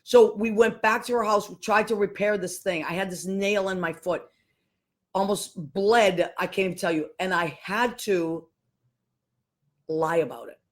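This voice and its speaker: A woman tells a family story on her podcast. She talks casually and with animation, and acts out the voices of the people in it. Her voice sits at a middle pitch. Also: unhurried. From Boston, USA. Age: 50s. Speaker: podcast host.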